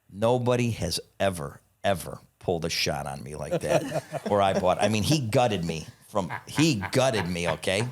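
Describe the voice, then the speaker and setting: A man telling stories as a podcast guest in casual chat, excitable and profane, swearing as he talks. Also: sits low. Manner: excitable, profane, animated storyteller.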